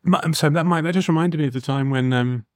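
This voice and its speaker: A man's voice: on the high side, quick pace, a little mellow, no room sound, clean studio sound. A man hosting a podcast in casual chat, rambling and giggling, in a sound-treated booth. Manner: rambling, giggly, self-mocking. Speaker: podcast host.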